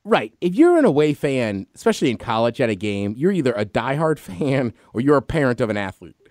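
A man's voice: medium pitch, sing-song, brisk, darkish tone, no echo. A man in his thirties chatting casually as a podcast co-host, telling rambling stories and laughing often. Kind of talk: casual chat.

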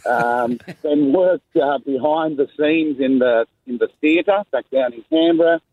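Hesitant caller on the phone. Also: male voice, fairly high pitch, unhurried, no echo. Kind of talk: phone-in call. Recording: tinny phone line.

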